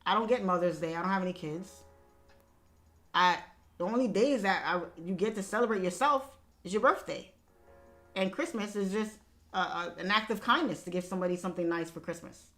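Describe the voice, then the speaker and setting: A woman's voice: lowish voice, brisk, fairly bright tone, faint music behind. A young woman livestream host telling a personal family story in casual talk, candid and emphatic, swearing freely. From Haitian family background.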